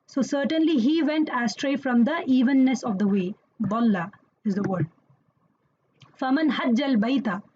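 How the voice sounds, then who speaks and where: A woman's voice: sits high, brisk, dark tone, dull audio, a little hiss or hum. A woman teaching Quranic Arabic grammar in an online lesson, explaining patiently and checking in with listeners as she goes.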